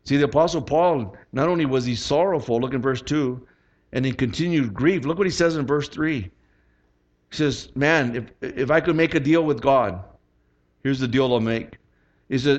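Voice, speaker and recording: A male pastor delivers a sermon in a fairly high voice. He tells a personal story and slips into animated, acted-out dialogue along the way. The sound is dull and lo-fi, as if taken from a church recording. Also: moderate pace.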